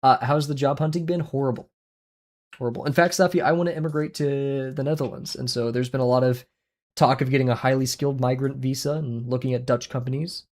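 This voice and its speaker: Excitable young man chatting on a livestream. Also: fairly quick. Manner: rambling and excitable, jumps in pitch, laughs often. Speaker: art livestreamer. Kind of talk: casual chat with viewers while drawing.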